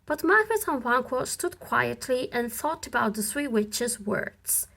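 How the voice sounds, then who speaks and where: Slow, animated woman reading a storybook. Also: on the high side, gravelly. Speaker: audiobook reader. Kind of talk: storybook narration for learners.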